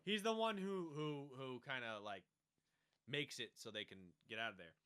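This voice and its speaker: Guy on a podcast going over a show, super animated, smooth clear voice. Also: medium pitch, no echo, studio quality. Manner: animated, acts out characters in quick impressions. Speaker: podcast co-host. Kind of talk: casual chat recapping a TV show.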